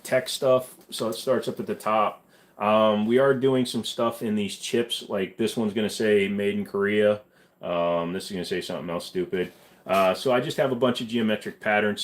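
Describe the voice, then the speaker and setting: Blunt, profane man live-streaming. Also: on the low side. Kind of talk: casual live stream chat reading comments.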